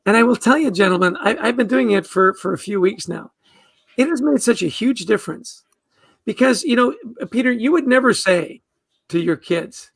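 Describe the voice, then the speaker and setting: A man's voice: sits high, animated, normal speed, gravelly, fairly bright tone, dry recording. A man who is a guest author, talking earnestly in a podcast interview and often repeating words as he starts a thought.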